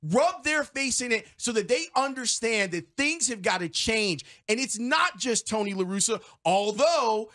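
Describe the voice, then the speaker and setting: A man's voice: very high voice, lively intonation, unhurried, few pauses, bright, forceful tone. A man co-hosting a sports talk radio show, ranting emphatically and repeating his points in a radio studio. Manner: emphatic, repetitive, fired-up.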